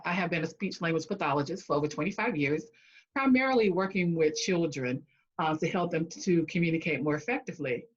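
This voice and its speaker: Lively woman guest telling her story. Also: on the low side, highs cut off. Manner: animated storyteller who acts out quotes and laughs often. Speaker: guest, speech-language pathologist and coach. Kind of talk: storytelling interview answers.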